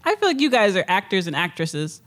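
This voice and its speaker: A woman's voice: medium pitch, sing-song, brisk. A woman hosting a podcast in a casual way, curious and asking her guest question after question. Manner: curious, asks lots of questions. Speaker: podcast host.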